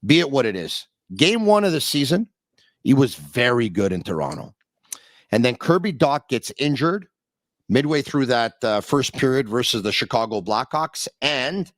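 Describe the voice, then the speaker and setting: A man's voice: mid-range voice, no echo. A man hosting a sports podcast from his home basement, setting up questions in a casual, self-deprecating way. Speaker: podcast host.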